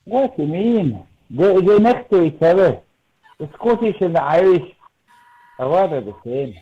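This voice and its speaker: A man's voice: high-pitched, sing-song, normal speed, husky. A man chatting casually on a group video call, laid-back and mumbling. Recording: dull lo-fi call audio with faint noise.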